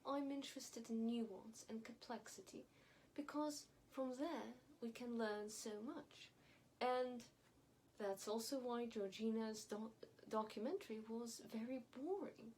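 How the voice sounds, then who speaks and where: A woman's voice: on the high side, measured pace, darkish tone, slight background noise, poor audio. A woman vlogger giving opinionated, wry commentary straight to her viewers, with mocking repetition. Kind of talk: casual commentary to camera.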